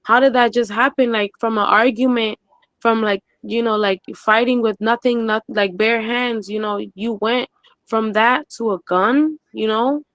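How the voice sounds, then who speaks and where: A woman's voice: a little high, steady tone, a little slow, a bit bright, dry recording. A woman eyewitness recounting events on a live stream, rambling with many "like" and "you know" fillers. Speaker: eyewitness guest.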